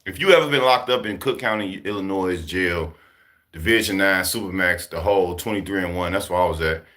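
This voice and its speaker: A man from Chicago casually telling a story to his viewers, profane and animated, laughing as he goes. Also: low voice, a little fast. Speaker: vlogger talking to his viewers.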